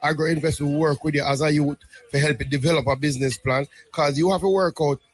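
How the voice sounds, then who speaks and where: A man's voice: on the high side, fairly even intonation, fast talker. A man, a government minister explaining policy patiently in an interview, often checking in with "right?". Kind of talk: interview answers.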